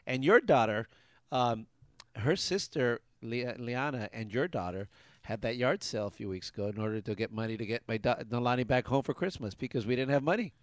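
A man's voice: medium pitch, expressive, brisk, no room sound, clean studio sound. A middle-aged man co-hosting a radio show, upbeat and emphatic, repeating names for effect in casual banter.

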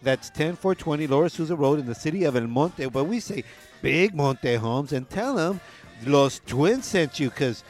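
Laid-back man giving radio shout-outs. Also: a little high, animated, moderate pace, soft background music. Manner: laid-back, mixes Spanish phrases, laughs often. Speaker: radio show co-host.

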